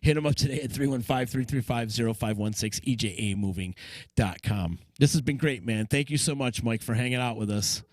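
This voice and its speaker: A man's voice: mid-range voice, brisk, darkish tone, no echo. Enthusiastic male podcast host. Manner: enthusiastic, reads out sponsor plugs. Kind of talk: casual chat.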